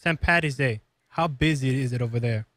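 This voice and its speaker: A man's voice: medium pitch, brisk, fairly bright tone, no room sound, clean studio sound. A man co-hosting a casual radio talk show, asking friendly, plain questions. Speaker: co-host.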